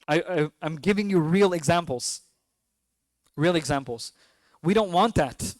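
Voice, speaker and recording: A man's voice: on the high side, lively intonation, unhurried, no room sound. Young New York man giving a mosque talk. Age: 20s. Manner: conversational, asks the audience questions, jokes. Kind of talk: mosque lecture to parents.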